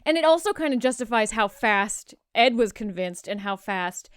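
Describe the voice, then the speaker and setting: Woman, podcast co-host, higher voice, smooth and clear, dry sound, eager casual chat. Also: expressive, moderate pace, no echo. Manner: enthusiastic, swears freely.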